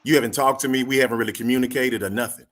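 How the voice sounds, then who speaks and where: A man's voice: medium pitch, fairly even intonation, rapid-fire, a bit bright. A man in casual chat, telling a story animatedly and acting out both sides of the dialogue.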